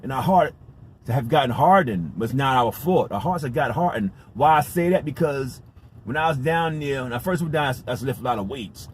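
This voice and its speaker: A man's voice: mid-range voice, expressive, fairly quick, slight background noise. A man telling a story in a casual, rambling vlog, emphatic and repetitive, with some swearing. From United States. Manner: rambling, emphatic, profane, repeats himself. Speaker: vlogger.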